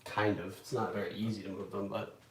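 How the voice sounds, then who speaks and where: A man's voice: lowish voice, level tone, fairly quick. Rambling young man cooking in an echoey kitchen. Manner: rambling, self-deprecating, chatty. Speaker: home cook vlogger. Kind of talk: casual cooking vlog. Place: home kitchen. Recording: echoey kitchen with loud background noise.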